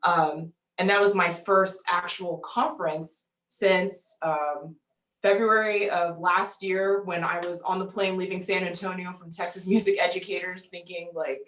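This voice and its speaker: A woman, a military band musician and outreach representative, speaking on an online panel in a measured, fluent way. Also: lowish voice, fairly even intonation, fairly bright tone. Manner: measured and fluent, with occasional ums. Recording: roomy echo.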